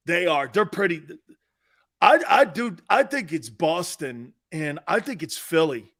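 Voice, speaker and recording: A man's voice: a little high, a little slow. A man in his fifties hosting a casual sports live stream, bantering and reading viewer chat aloud. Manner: animated, bantering, often laughing. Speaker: sports show host.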